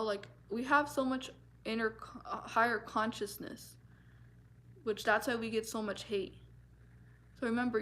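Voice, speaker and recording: A woman's voice: medium pitch, a little hiss or hum. A woman vlogger talking earnestly and from the heart about her feelings, with many fillers and restarts. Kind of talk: personal talk to camera.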